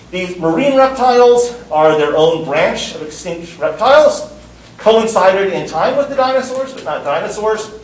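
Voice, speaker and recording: A man's voice: high-pitched, reverberant, recorded from a distance, slight background noise, low-quality recording. A man teaching a university course, lecturing in an emphatic way and repeating words for stress. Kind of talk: classroom lecture.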